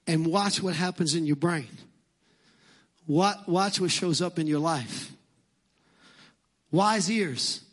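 Brooklyn guy preaching, kinda high voice, punchy and repeats himself a lot. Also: slow pace, pauses often. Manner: emphatic, repeats phrases. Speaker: pastor. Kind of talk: sermon. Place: church.

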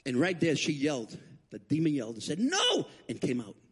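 A man's voice: fast talker, husky. A man from Rico, preaching a storytelling sermon as a guest speaker in a church, acting out his quotes with big leaps in voice. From Puerto Rico. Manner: animated, acts out quotes with big pitch jumps. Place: church sanctuary.

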